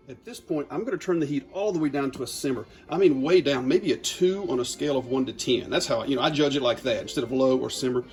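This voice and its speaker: A cooking channel host from Louisiana chats in a folksy, upbeat way while demonstrating a recipe in his home kitchen. His mid-range, slightly mellow voice moves quickly with few pauses, and faint music plays behind him.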